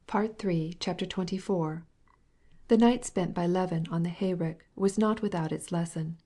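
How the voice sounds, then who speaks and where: A woman narrating a classic novel as an audiobook, in a measured, soft-spoken reading. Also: fairly low pitch. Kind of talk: scripted narration.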